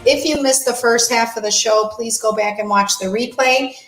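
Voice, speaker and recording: A woman's voice: on the high side, normal speed, a bit bright, soft background music. A woman hosting a casual talk show, chatty and agreeable, picking up her co-host's points. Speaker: host. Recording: echoey room.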